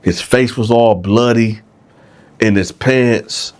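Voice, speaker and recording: A man's voice: medium pitch, slow pace, darkish tone. A man telling a jail story casually, often checking in with the listeners. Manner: conversational, frequent "right?", addresses listeners.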